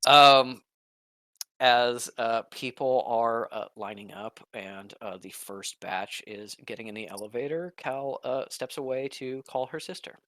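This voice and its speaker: A man narrating a tabletop game as game master, halting, with many fillers. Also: medium pitch, fairly bright tone, dry recording.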